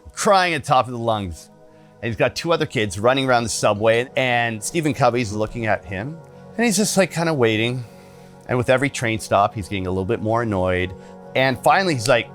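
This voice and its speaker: A man's voice: mid-range voice, a bit bright. A man leading a retreat, giving an earnest teaching talk and telling stories. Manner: earnest, acts out voices in stories.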